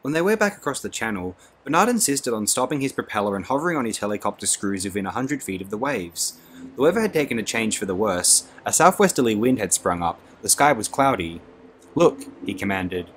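A man narrating an audiobook in a measured, dry reading. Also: on the low side, very animated, fairly bright tone, a little hiss or hum.

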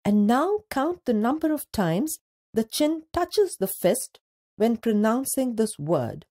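A woman narrates a scripted lesson for young children, pacing it very slowly and drawing out each word. Her voice sits a little high and moves in a lively way. The tone is mellow and slightly breathy. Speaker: teacher.

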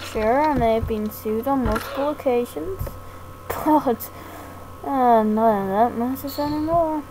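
A woman's voice: on the high side, unhurried. A woman giving a hesitant, self-deprecating, rambling thank-you talk as a gaming YouTuber. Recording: noisy home mic recording.

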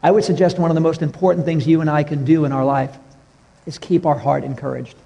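A middle-aged man preaching a sermon as a pastor, telling stories and dropping to a soft hush for tender moments. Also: on the high side, fairly even intonation, fast, creaky, slightly rough, in a large hall. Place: church sanctuary.

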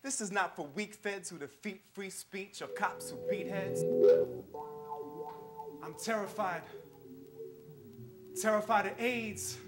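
A man's voice: high voice, slow, pauses often. A man from New York, a hip hop performer, reciting spoken-word poetry in a rhythmic, earnest way. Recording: live show with loud music.

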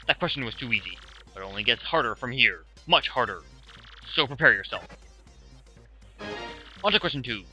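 A man's voice: mid-range voice, animated, moderate pace, pauses often, sharp tone, faint music behind. A man voicing a gloating, villainous male quiz-master guarding a fortress, in hammy game-show patter.

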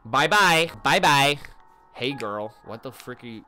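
A man giving let's play commentary to his chat, excitable and full of slangy exclamations as he reacts to the game. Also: medium pitch, unhurried, faint music behind. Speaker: gaming video creator.

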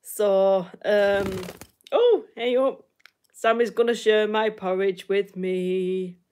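A woman's voice: mid-range voice, slow, darkish tone. A woman from the north of England with a Northern English accent, chatting casually with viewers on a livestream, laughing often and repeating herself. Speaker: livestream host.

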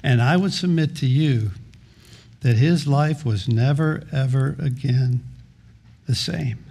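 A man's voice: medium pitch, slow, vocal fry, warm tone, slightly rough. A middle-aged man preaching a sermon as pastor, earnest, often repeating and restarting words.

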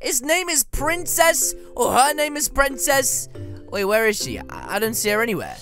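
A woman giving excited gameplay commentary as a gaming YouTuber, with playful mock trash talk. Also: high-pitched, moderate pace, faint music behind.

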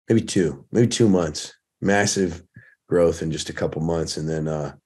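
With a deep, mellow, husky voice, a thirty-something former firefighter turned coach opens up about his story on a podcast. The conversation is casual, and he swears freely.

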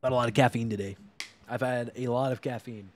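A man streaming a game live, commenting casually and excitably, swearing and laughing as he plays. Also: mid-range voice, brisk.

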